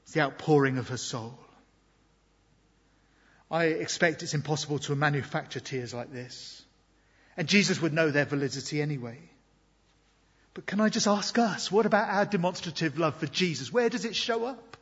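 A man preaching a sermon in an earnest, reflective way, moving between loud emphasis and quiet asides. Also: on the high side, expressive, moderate pace, long pauses, breathy edge. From Britain. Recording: long hall reverb, dull lo-fi sound.

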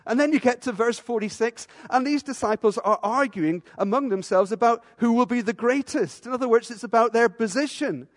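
A man's voice: sits high, big-room sound. A man preaching a sermon in a church, emphatic and full of rhetorical questions and repeated phrases. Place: church with a stage.

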